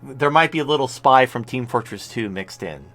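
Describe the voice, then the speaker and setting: A man's voice: medium pitch, expressive, normal speed, a bit bright, faint music behind. A man hosting a live-stream talk show, talking in blunt, rambling casual commentary with frequent restarts. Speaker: show host.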